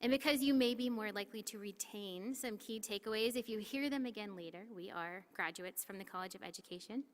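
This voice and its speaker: A woman's voice: mid-range voice, fairly quick. Woman giving a speech in a reverberant hall. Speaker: commencement speaker. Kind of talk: formal ceremony speech. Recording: long reverb of a large hall.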